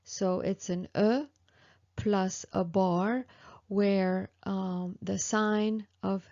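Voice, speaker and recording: Slow, patient woman teaching pronunciation. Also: medium pitch, a little mellow, highs cut off. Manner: slow and patient, with many fillers and repeated examples. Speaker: French teacher. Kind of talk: online language lesson.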